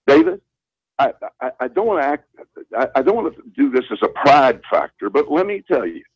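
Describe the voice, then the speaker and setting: A man's voice: medium pitch, wildly swooping pitch, a little fast, slightly rough, no room sound. An older man from the Southern United States with a Southern accent, a former school principal telling a story as a guest on a talk radio show, earnest and emphatic, repeating phrases for stress. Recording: muffled lo-fi radio broadcast.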